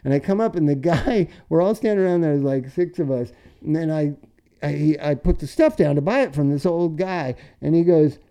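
Brief: middle-aged male podcast host, mellow dark tone, swears freely, spins tour stories. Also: fairly high pitch, brisk. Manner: loud, profane and animated when telling stories. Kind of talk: casual storytelling chat.

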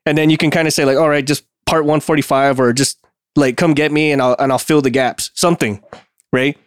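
A man's voice: a little high, fairly even intonation, a little fast, clean tone, no room sound, clean studio sound. A man co-hosting a casual podcast, agreeing and adding his own view. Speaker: podcast co-host. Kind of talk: casual chat.

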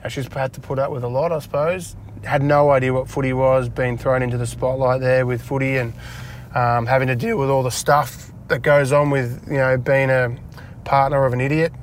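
Australian man, 40s, casual self-deprecating interview guest, mid pitch, faint car hum behind. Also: flat delivery, moderate pace. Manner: chatty, self-deprecating, lots of fillers. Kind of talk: casual chat. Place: inside a parked car.

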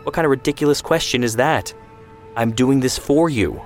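A man's voice: medium pitch, moderate pace, faint music behind, pitched above the performer's own voice, natural voice. A man voicing a sarcastic hot-headed young man. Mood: defiant. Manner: sarcastic, defensive.

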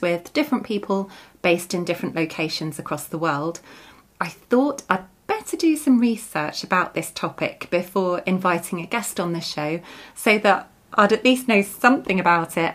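A woman in her thirties hosting a podcast, talking through a book she recommends in a chatty, friendly way. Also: medium pitch. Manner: chatty, breaks into giggles while reading aloud. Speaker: podcast host. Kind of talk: book review monologue.

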